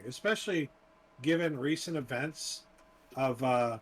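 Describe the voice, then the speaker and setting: A man co-hosting a casual movie chat show, talking enthusiastically, swearing freely and pausing often on fillers. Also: fairly high pitch, husky. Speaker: podcast co-host.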